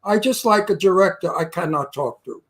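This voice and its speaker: A man's voice: sits high, a little fast, fairly bright tone. An older man with a Brooklyn New York accent, hosting a casual interview and telling blunt, salty, joking stories. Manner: blunt, salty, jokey storyteller. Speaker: host.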